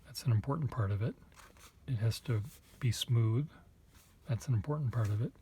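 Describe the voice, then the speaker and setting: A man vlogging casually, thinking aloud in a halting, self-deprecating way, with muttered asides. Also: medium pitch, dark tone, a little hiss or hum.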